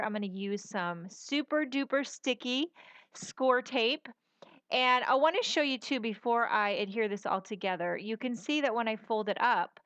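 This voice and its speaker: A woman's voice: mid-range voice, a bit bright, smooth, dry recording. A middle-aged woman hosting a casual papercraft tutorial, chatty and folksy, rambling with fillers as she works. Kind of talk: casual crafting tutorial voice-over.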